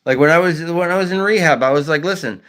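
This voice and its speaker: A man's voice: a little high, quick pace, a bit bright, clean tone. A man hosting a casual livestream chat, talking bluntly and with lots of swearing, and stuttering at times. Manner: blunt, profane, ranting. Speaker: livestream host.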